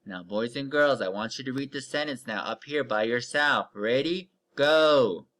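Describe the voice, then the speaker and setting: A man teaching young children to read in a recorded online lesson, stretching out each word slowly and giving patient step-by-step cues. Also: mid-range voice, sharp tone. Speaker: elementary reading teacher.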